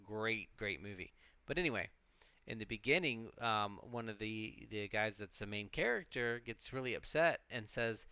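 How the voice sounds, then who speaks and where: A man's voice: on the low side, animated, moderate pace, sharp tone, clean tone, no room sound. A man co-hosting a live stream, talking in a loose, reflective way, swearing freely and restarting his sentences often. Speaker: co-host of a live witchcraft stream. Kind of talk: casual rambling talk.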